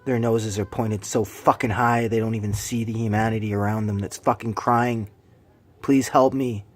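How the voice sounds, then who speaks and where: A man delivering an angry, profane, preachy rant to his viewers, swinging between loud bursts and low, hushed lines. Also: level tone, normal speed. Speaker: vlogger.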